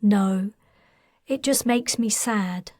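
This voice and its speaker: A woman's voice: medium pitch, takes it slowly, a little mellow, dry recording. A woman voicing a wry, stubborn adult woman in an audiobook, with a dry delivery. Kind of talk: audiobook character reading.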